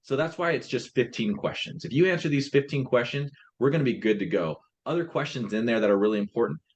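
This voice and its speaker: A man's voice: mid-range voice, quick pace, a little hiss or hum. A man in a casual business chat, explaining his translation company's process step by step and often restarting his phrases.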